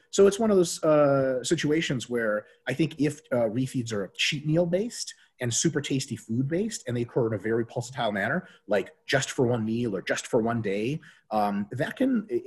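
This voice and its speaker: A man's voice: mid-range voice, moderate pace, husky. A man talking casually as a diet coach, swearing freely and acting out quoted voices as he tells stories. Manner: profane, animated storytelling with quoted voices. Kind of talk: casual podcast talk.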